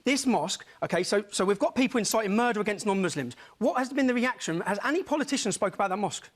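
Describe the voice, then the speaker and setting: A man, a guest in a heated television debate, speaks high for a man and rushes his words. He is insistent and keeps talking over the host. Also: animated. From England. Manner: insistent, talks over the host, repeats demands to finish.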